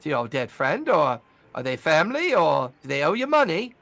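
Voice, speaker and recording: A man's voice: fairly high pitch, huge pitch swings, normal speed, gravelly, fairly bright tone, heavily acted. A man voicing a cheeky, chatty mouse-folk cleric with a Cockney accent in a tabletop game. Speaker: game master.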